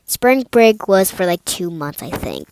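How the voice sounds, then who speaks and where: A young woman tells a made-up story at a slow, unhurried pace. She rambles casually, filling gaps and restarting her sentences as she goes. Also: lowish voice, sing-song, background noise. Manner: rambling, many fillers and restarts.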